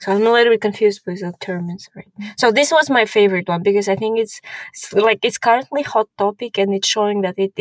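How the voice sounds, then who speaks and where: A woman's voice: mid-range voice, fairly quick, dry recording, rough recording. A woman with a Russian accent co-hosting a podcast in casual chat, rambling with many fillers. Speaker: podcast co-host.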